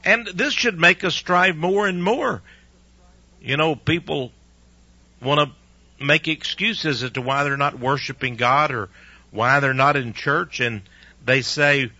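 A man's voice: a little high, unhurried, sharp tone, husky, dry recording, lo-fi sound. A man preaching as a radio show host, earnest and preachy, pressing his points with rhetorical questions. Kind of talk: conversational radio sermon.

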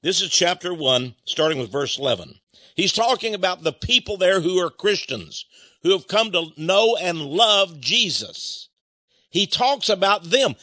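A man with a Texan accent preaching a sermon in a folksy way, slowing down to stress key phrases. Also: sits high, sharp tone, no room sound. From Texas. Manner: folksy, varies pace, slows for emphasis.

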